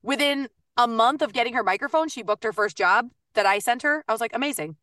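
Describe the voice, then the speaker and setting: A woman voice actor and coach talking in a casual podcast interview, chatty and upbeat with quick bursts and lots of fillers. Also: on the high side, bright, forceful tone, no echo, studio quality, distant mic.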